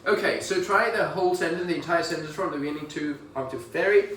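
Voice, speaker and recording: A man with a British accent coaching pronunciation one-on-one, modelling words slowly and encouraging the learner. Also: fairly high pitch, a bit bright, reverberant, far from the mic, a little hiss or hum, poor audio. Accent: British English. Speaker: English pronunciation tutor.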